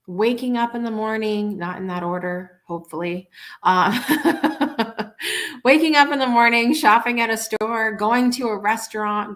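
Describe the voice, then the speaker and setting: Earnest lady hosting a morning show, rambly heartfelt storytelling, keeps restarting sentences. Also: medium pitch. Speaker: talk show host. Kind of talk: morning talk show monologue.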